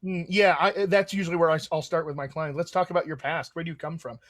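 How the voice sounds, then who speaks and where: Upbeat American dialect coach, dry sound. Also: male voice, on the high side, fairly even intonation, quick pace, a bit bright, no echo. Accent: General American. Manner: enthusiastic, talks in restarts. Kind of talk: live Q&A chat.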